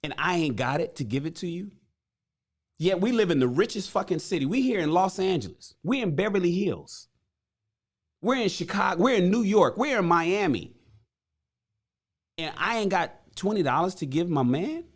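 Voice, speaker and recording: A man's voice: high voice, expressive, moderate pace. A man voicing a frustrated working-class chariot builder, retelling a parable in profane street slang. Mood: exasperated.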